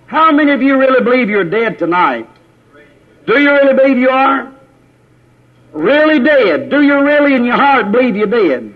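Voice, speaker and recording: A man's voice: very high-pitched, sing-song, moderate pace. A man preaching a sermon, repeating his points and putting questions to the congregation, calling on brothers by name. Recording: tinny lo-fi phone-like recording.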